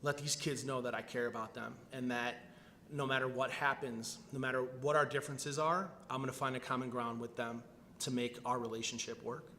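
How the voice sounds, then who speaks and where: A man's voice: mid-range voice, brisk, slight background noise. Guy teacher talking on a con panel, lots of restarts, echoey hall. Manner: animated storytelling, many restarts. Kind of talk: panel discussion. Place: convention panel room.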